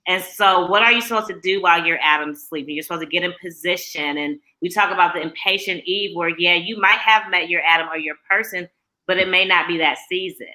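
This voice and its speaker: A woman's voice: fairly low pitch, a little fast, bright, forceful tone, rough recording. A woman co-hosting a casual chat, explaining ideas in a reflective way and often laughing. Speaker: co-author and co-host. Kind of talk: casual chat about faith and dating.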